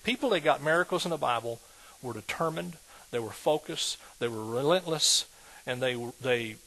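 A man's voice: medium pitch, animated, normal speed, low-quality recording. A male pastor preaching a sermon, emphatic and exhorting, with repeated appeals to the congregation. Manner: emphatic, rising to loud exhortation.

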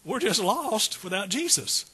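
A man preaching a sermon in a high, bright voice with a husky grain. His delivery is folksy and conversational, and he keeps checking in with the listeners. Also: big pitch swings, unhurried. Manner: folksy, calls out to the congregation.

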